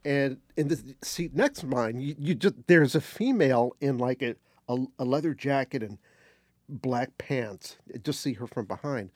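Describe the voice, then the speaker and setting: An older man telling a casual anecdote as a guest, animated, acting out quotes and restarting phrases. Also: mid-range voice, moderate pace, no room sound, clean studio sound. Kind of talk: casual storytelling.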